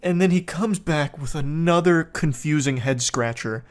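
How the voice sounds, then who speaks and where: Deadpan sardonic man. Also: a little high, moderate pace. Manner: deadpan, sardonic, monotone delivery. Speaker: commentator reading text messages. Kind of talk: comedic commentary.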